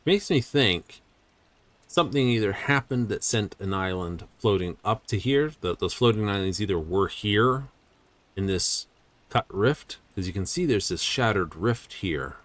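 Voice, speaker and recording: A man's voice: fairly low pitch, expressive, a little slow, a bit bright. A man streaming a video game, rambling and thinking aloud as he studies the map. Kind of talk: casual game-stream commentary.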